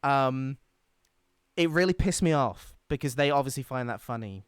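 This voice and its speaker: Clear-voiced man ranting on a podcast. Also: medium pitch, moderate pace, dry recording, studio quality. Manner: animated, indignant storytelling. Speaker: podcast co-host. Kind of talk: casual podcast chat.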